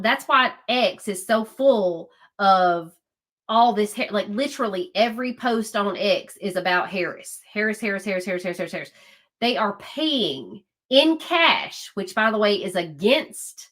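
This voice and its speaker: Emphatic woman, fairly high voice. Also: a bit bright. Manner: emphatic, repeats herself, exasperated asides to viewers. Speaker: livestream host. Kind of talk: casual political commentary, reacting to chat.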